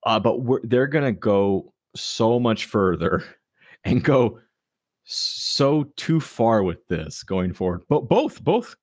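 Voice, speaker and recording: A man's voice: lowish voice, very animated, takes it slowly, no room sound, clean studio sound. A man co-hosting a podcast in casual chat, wryly recapping matches. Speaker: podcast co-host.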